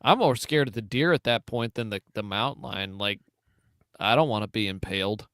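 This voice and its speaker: A man co-hosting a casual podcast, telling stories with wry, deadpan humor. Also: on the low side, moderate pace, dry recording, studio quality. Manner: wry, deadpan jokes, storytelling. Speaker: podcast co-host.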